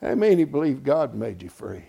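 A man preaching a sermon in a folksy, animated way, with exclamations of praise. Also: mid-range voice, normal speed, vocal fry, slightly rough. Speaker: pastor.

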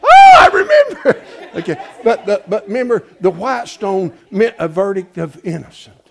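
A man preaching a sermon in a folksy, animated way, with exclamations of praise. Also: sits high, normal speed, creaky, heavy background noise. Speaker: pastor.

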